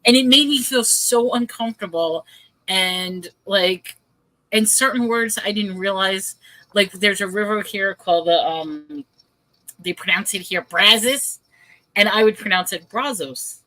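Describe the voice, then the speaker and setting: A woman hosting a casual live-stream chat, telling stories in an animated way and laughing often over a video call. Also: mid-range voice, a little slow, dry recording, poor audio. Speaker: host.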